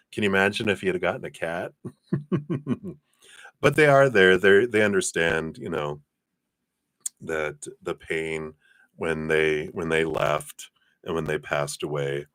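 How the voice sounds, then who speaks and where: Man, very low voice, live tarot reader, chatty, dry close sound. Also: fairly bright tone, dry recording. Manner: chatty, reads viewer names and passes on spirit messages. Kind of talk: live-stream card reading.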